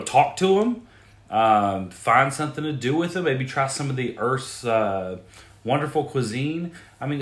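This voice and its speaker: A man hosting a podcast and riffing crudely on odd news stories, incredulous and swearing freely. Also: medium pitch. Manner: crude, incredulous, animated outbursts. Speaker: podcast host. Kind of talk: profane comedic news riffing. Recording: roomy echo.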